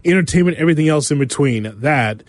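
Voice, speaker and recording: A man hosting a sports radio show, reading news items and adding quick wisecracks. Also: medium pitch, heavy background noise. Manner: wisecracking, quick asides after each story.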